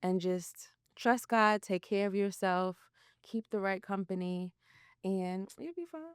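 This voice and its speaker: Smooth-voiced woman podcast guest. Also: medium pitch, unhurried, no echo, studio quality. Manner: candid, matter-of-fact, faith-centered. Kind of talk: casual interview chat.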